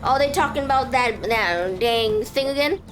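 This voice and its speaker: A woman voicing a blustery male small-town sports fan who talks in a gruff, folksy way, reading game dialogue aloud. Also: on the high side, moderate pace, over music, lightly acted. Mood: boastful.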